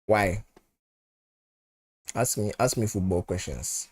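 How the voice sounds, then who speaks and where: A man's voice: fairly low pitch, takes it slowly, husky. A man with a Nigerian accent hosting a live football watchalong. He chats casually, repeats his phrases and moves between pidgin and English. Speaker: football channel host. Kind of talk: live match watchalong chat.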